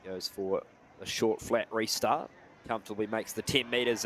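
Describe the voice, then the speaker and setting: A man calling live rugby play-by-play, building to shouts on big plays. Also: fairly low pitch, moderate pace, slight background noise. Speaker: play-by-play commentator.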